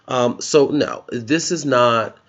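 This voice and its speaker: A man's voice: medium pitch, slow, fairly bright tone, dull audio. A man giving sarcastic, casual political commentary in a vlog, often breaking into laughter at his own jokes. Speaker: political vlogger.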